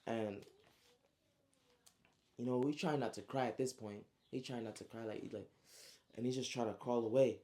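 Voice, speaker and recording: A man casually recapping his own story, slangy and animated, with frequent asides. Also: medium pitch, moderate pace, pauses often.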